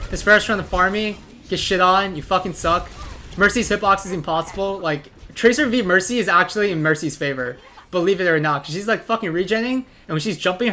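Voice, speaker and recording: A man's voice: high voice, sharp tone, slight background noise. A man giving blunt, profane gameplay commentary and ranting advice about ranked play. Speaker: gaming content creator.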